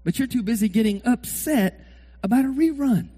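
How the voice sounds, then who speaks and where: A middle-aged man preaching a sermon, acting out sports fans yelling at the TV. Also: very high-pitched, moderate pace, breathy edge. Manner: animated, acts out fans shouting at the TV.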